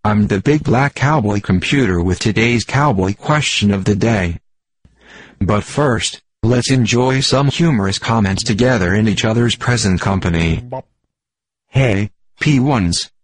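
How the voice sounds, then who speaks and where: A stiff, deadpan male sports computer, reading every line in stilted, formal phrasing. The voice is low and synthetic. It sits completely dry and close, with no room around it. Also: unhurried, no echo. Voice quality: synthetic text-to-speech voice. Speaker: comedy bit on sports radio.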